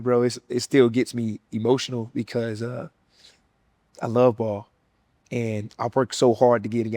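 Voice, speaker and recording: Young Southern guy, mid-pitched, giving an earnest and emotional personal testimony. Dry, close recording. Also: a little mellow, dry recording. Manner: earnest, emotional storytelling with casual slang. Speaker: former college football player sharing his testimony.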